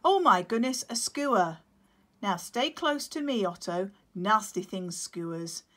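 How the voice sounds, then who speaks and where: A woman's voice: medium pitch, animated, slow, a bit bright. A woman reading a story aloud, voicing a fussy, protective father penguin who scolds and explains.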